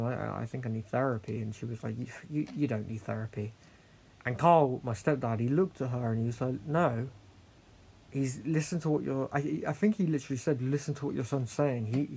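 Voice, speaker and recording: A young man tells his own story in a candid, halting monologue. His voice is gravelly and fry-heavy at a middling pitch, and he stops often for fillers and the odd swear word. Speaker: host sharing his story.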